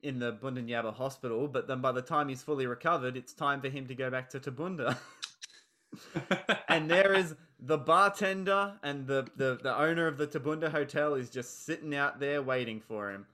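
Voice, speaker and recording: Aussie guy rambling about a movie on a podcast, bright tone. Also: medium pitch, normal speed. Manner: enthusiastic, rambling. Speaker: podcast host. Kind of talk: casual film discussion.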